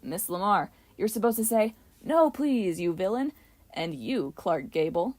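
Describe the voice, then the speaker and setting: A woman narrating an audiobook, voicing a cheeky boy who bosses everyone around like a film director with imperious, theatrical yelling. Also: medium pitch, expressive, unhurried. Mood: bossy. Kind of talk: audiobook character voice.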